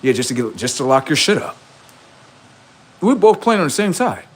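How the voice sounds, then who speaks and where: A man's voice: mid-range voice, very animated, moderate pace, a little hiss or hum. A man on a livestream, talking in a rambling, profane, boastful monologue, often laughing and acting out quoted voices. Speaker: livestream host.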